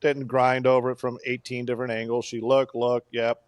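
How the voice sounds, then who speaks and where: A man co-hosting a casual golf podcast, telling a play-by-play story with animated bursts of excitement. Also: medium pitch, brisk, dry recording, clean studio sound. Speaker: podcast co-host.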